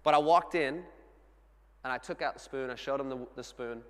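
A man in his thirties preaching a sermon, telling a family story with earnest warmth and laughing at himself now and then. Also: medium pitch, normal speed. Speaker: pastor. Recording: long hall reverb.

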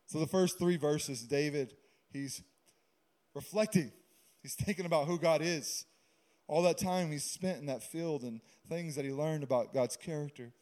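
Pastor, male, higher pitch, mellow tone, casual preaching with jokes. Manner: conversational preaching with humorous asides. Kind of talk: sermon.

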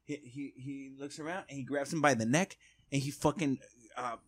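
A man's voice: medium pitch, normal speed, no echo. A man from Mexico in casual podcast chat, telling a crude story with lots of swearing and acted-out quotes.

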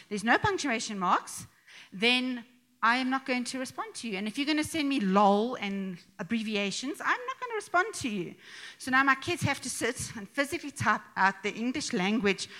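A woman's voice: on the high side, animated, moderate pace, sharp tone. A middle-aged woman giving a conversational sermon to a church gathering, chatty and joking, with asides and laughs. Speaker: speaker addressing a church gathering.

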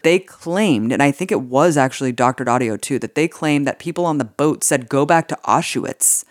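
A woman's voice: extremely low pitch, a little fast, dry recording, studio quality. A woman co-hosting a political podcast, talking casually and indignantly, swearing freely and using many "like" fillers. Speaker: podcast co-host.

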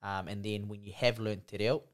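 A man's voice: on the low side, fairly even intonation, a little fast. A man with a New Zealand accent, co-hosting a casual, laid-back chat and often saying "bro" and "you know".

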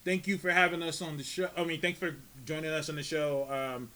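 A man guesting on a podcast, loud and laughing in hyped-up banter. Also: fairly high pitch, fairly even intonation, fairly quick. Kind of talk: casual chat.

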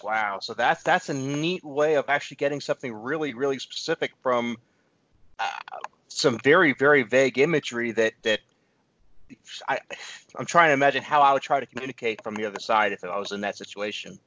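A man's voice: mid-range voice, brisk, fairly bright tone, lo-fi sound. A man hosting a casual interview, encouraging and reflective in his responses. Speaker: interview host.

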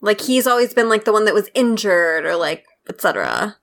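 A woman co-hosting a casual podcast chat, talking in an unhurried way with many fillers and a quick laugh. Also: mid-range voice, lively intonation, fairly bright tone. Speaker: podcast co-host.

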